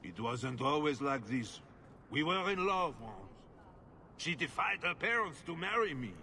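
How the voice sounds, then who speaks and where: A brooding game husband, defensive and grumbling. His voice is bright and swings widely in pitch, and he speaks slowly, sighing between thoughts. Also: sing-song, slight background noise, full character voice. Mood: bitter. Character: brooding husband whose wife ran off.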